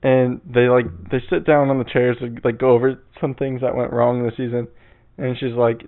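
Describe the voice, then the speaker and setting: A man's voice: medium pitch, flat delivery, moderate pace. Young male podcaster, casual rambling monologue, cussing, tinny phone-like sound. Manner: rambling, profane, laughs at himself. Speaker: podcast host.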